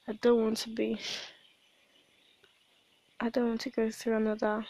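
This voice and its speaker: A young woman recording a reflective voice diary at home on her phone, speaking softly and hesitantly with frequent restarts. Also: on the high side, monotone, no room sound. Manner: soft-spoken, hesitant, halting with restarts. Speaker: personal audio diarist. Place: at home at night.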